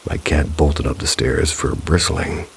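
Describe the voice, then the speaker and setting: A man's voice: extremely low pitch, fairly even intonation, a little slow, creaky, a little hiss or hum. A man narrating first-person paranormal stories in a scripted way, dropping dry, wry asides. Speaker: storyteller reading viewer stories.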